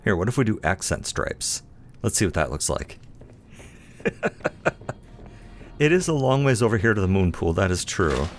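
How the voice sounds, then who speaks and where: A man with a very low voice talks through his gameplay in a loose, chatty way, musing to himself and poking fun at his own choices. A faint hiss sits behind the voice. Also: sing-song, moderate pace, pauses often. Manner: self-deprecating, playful. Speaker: let's play host. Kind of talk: casual gameplay commentary.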